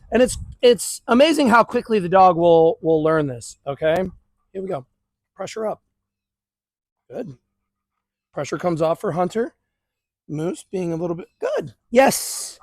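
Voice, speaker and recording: A fairly high-voiced man explains a dog training drill to viewers outside by the grass, calmly describing it and quickly praising the dogs. The recording is dry and close, with hardly any sense of the space around him.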